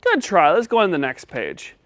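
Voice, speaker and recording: A man's voice: high voice, huge pitch swings, moderate pace, fairly bright tone, a little hiss or hum. A man hosting a children's speech lesson, patiently coaching a puppet. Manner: patient and encouraging. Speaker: host.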